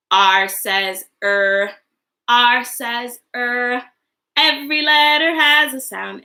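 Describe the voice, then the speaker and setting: A young woman teaching a livestream lesson to small children, slow and sing-song, drawing out words. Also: sits high, sharp tone. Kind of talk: early-grade livestream lesson.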